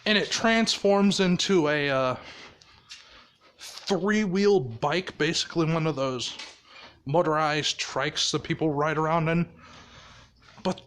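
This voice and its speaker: A man's voice: fairly high pitch, slow pace, pauses often, a bit bright. A man telling a made-up story casually, rambling and swearing, often laughing at his own ideas.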